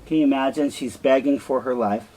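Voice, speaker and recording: A man's voice: mid-range voice, a little fast, dark tone, rough recording. An older man teaching a literature lesson, explaining scenes earnestly. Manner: earnest explaining, quotes with feeling.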